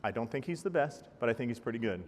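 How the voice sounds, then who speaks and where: A man giving a live talk to an audience, energetic and joking, often putting questions to the crowd. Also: medium pitch, fast talker. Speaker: speaker at a healthcare talk. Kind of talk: live keynote presentation. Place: large hall with audience. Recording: long reverb of a large hall.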